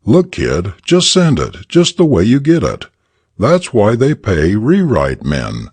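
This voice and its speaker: A man's voice: on the low side, huge pitch swings, slow pace, darkish tone, breathy edge, dry recording, pitched above the performer's own voice, exaggerated voice. A man playing a cynical older newspaper reporter who brushes others off curtly. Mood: dismissive. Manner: curt, dismissive.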